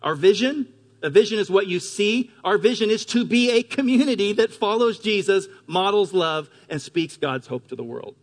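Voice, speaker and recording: High-voiced preaching man in reverberant hall. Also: expressive. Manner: earnest, emphatic preaching with slow stressed phrases. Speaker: pastor. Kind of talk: sermon. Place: church gymnasium.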